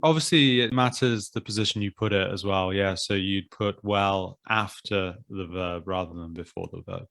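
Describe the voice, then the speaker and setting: A man hosting a podcast, patiently explaining grammar in a relaxed conversational way, often thinking aloud. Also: deep voice, normal speed, hardly any pauses. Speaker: English teacher and podcast host.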